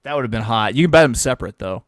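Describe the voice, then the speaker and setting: A man talks through his betting picks in a loose, jokey way, teasing his co-host along the way. His voice sits at an ordinary pitch. The recording is dry and close, with no room sound. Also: animated, racing, no room sound. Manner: joking, quizzing his co-host. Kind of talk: casual sports betting banter.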